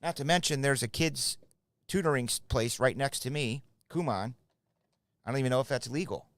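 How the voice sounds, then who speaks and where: A man's voice: medium pitch, moderate pace, a bit bright, no echo. A middle-aged man hosting a live card break from his shop, chatting casually and rambling to viewers by name. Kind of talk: casual live stream chat.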